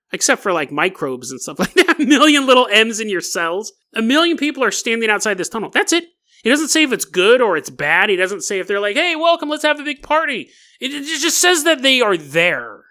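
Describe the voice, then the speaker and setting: A man hosting a comedic podcast monologue, talking in an animated, mocking way and laughing often as he reads. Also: very high-pitched, fairly quick. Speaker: podcast host.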